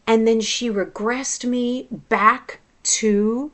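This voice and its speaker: A woman's voice: fairly high pitch, fairly even intonation, extremely slow, fairly bright tone. A woman hypnotherapist talking in a casual personal vlog, reflective and confessional, often restarting her sentences.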